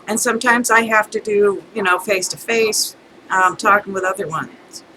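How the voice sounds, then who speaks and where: A woman's voice: medium pitch, normal speed, bright, forceful tone, a little hiss or hum, rough recording. A middle-aged woman telling a rambling, chatty story in a casual rant, breaking into laughter now and then. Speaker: vlogger.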